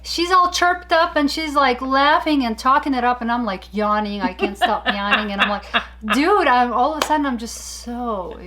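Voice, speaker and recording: A woman co-hosting a casual talk show, telling stories in an animated, chatty way with frequent laughter. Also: a little high, moderate pace, few pauses. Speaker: podcast co-host. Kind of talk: casual chat.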